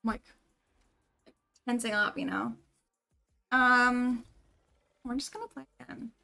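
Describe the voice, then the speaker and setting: A woman's voice: on the high side, unhurried, vocal fry, sharp tone, soft background music. A young woman streamer chatting casually and thinking aloud while she plays a game, with lots of "like" and "um" as she talks. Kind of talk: casual live gameplay commentary.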